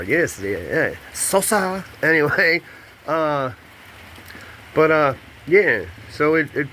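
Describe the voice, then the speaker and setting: A man's voice: fairly high pitch, bright, forceful tone, slight background noise. Rambling man talking to camera. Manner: rambling, candid, jumps between thoughts; paces while talking. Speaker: vlogger and podcast host. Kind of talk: casual confessional monologue to camera.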